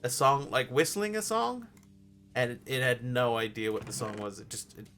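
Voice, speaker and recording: A man's voice: medium pitch, steady tone, brisk, bright, forceful tone, soft background music. A man streaming a game live, chatting casually in a rambling way with lots of ums and restarts. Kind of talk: casual live-stream chat while playing.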